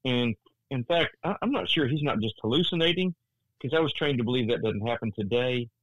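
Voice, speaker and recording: A man's voice: medium pitch, a little fast, no echo, lo-fi sound. Older man telling a story earnestly. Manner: animated, many restarts, voice rising in tense moments. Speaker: guest, Christian author.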